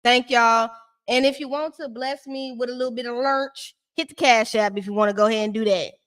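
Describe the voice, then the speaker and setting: A woman hosting a live-stream recap of a reality show, talking in a sassy, shady, animated ranting way. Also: a little high, fairly quick. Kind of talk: casual live-stream commentary.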